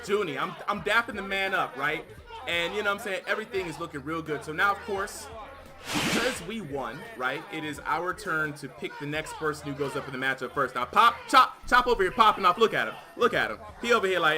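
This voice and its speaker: A man's voice: sits high, expressive, brisk, pushed and bright. A man co-hosting a casual gaming chat, telling stories with energy and acting out other people's lines. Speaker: co-host, team captain.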